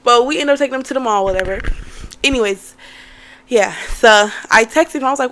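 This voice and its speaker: A young woman telling a story in a casual vlog, animated and cursing, talking to viewers as y'all. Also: fairly high pitch, brisk, a little hiss or hum. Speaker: vlogger.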